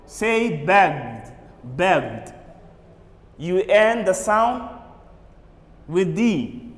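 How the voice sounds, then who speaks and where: Guy teaching english pronunciation, high pitched, super slow, says every word over and over, echoey hall sound. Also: animated. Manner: slow, drilling words with repetition. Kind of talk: classroom pronunciation lesson. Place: classroom or studio for a TV lesson.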